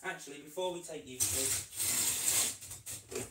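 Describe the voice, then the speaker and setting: A man's voice: medium pitch, animated, normal speed, long pauses, far from the mic, heavy background noise. A man chatting casually as he works with his reptiles, rambling and talking to his animals along the way. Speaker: reptile keeper vlogger. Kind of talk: casual vlog chat while working. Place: indoor reptile room. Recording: roomy sound, away from mic.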